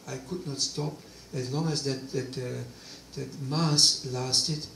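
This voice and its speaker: Animated male speaker telling his testimony; gravelly voice, recorded from afar in a roomy hall with faint ambience. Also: mid-range voice, slow, distant mic, slight background noise. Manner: animated storytelling with quoted dialogue. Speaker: guest speaker. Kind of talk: personal testimony talk.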